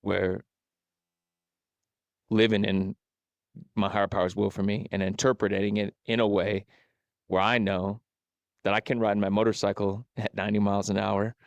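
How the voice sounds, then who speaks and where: A podcast host speaks in a low, gravelly voice with very little rise and fall. His reflective, casual talk sounds close and dry. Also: normal speed, long pauses, no room sound, muffled recording. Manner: reflective, flat-toned, peppers speech with "bro, you know?". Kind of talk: conversational interview. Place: podcast studio.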